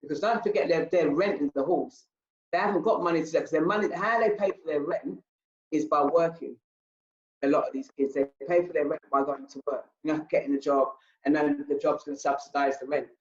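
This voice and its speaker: An older woman, a charity founder talking in an interview, animated and repetitive. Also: low-pitched, fairly quick. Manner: animated, repetitive, acts out her own past speech. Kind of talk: interview talk. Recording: roomy, slightly dull sound.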